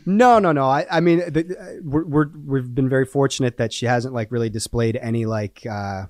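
Male co-host, mid-pitched, jokey and rambling, dry close recording. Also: normal speed, no room sound. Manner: joking, rambling with many fillers. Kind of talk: casual chat.

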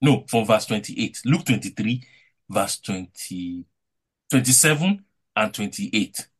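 A male preacher with a lively voice that swings high and low. His tone is slightly husky. He delivers a devotional sermon with emphatic, rising and falling phrasing. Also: slow.

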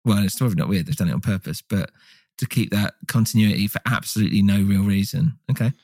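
A low-voiced man chats loosely on a podcast, tossing in wry reactions and offhand opinions. His voice sits close and dry on the mic. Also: fast talker, darkish tone, no echo. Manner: laid-back, joking reactions. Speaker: podcast co-host. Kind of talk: casual film discussion.

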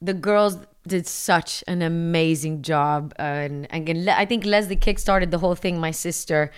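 Woman cohost, smooth clear voice, laughs a lot, chatty. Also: on the low side, normal speed. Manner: lively, laughs often. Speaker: podcast co-host. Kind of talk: casual family chat.

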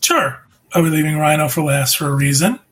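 A man's voice: on the high side, expressive, a little fast, a bit bright, husky. A man co-hosting a podcast casual chat with dry, joking remarks. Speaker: podcast co-host.

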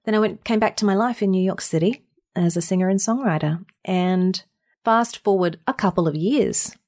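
A woman's voice: mid-range voice, normal speed. Australian woman telling a story. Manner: animated, laughing, acts out quotes. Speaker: guest, voiceover artist and singer. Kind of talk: conversational storytelling.

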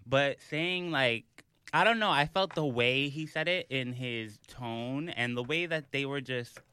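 A young man on a podcast, telling an animated story in casual chat, full of fillers. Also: medium pitch, a little slow, clear, resonant tone, dry recording. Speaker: podcast host.

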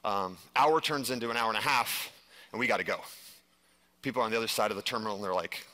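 A man giving a live stage presentation, telling a personal story in an animated way and saying "like" a lot. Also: lowish voice, fast. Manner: animated storytelling, heavy use of "like". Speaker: conference speaker.

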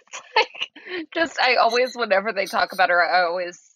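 A woman's voice: mid-range voice, big pitch swings, normal speed, pushed and bright, no echo, low-quality recording. A woman guest on a podcast, chatting casually, laughing often and readily agreeing. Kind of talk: casual chat.

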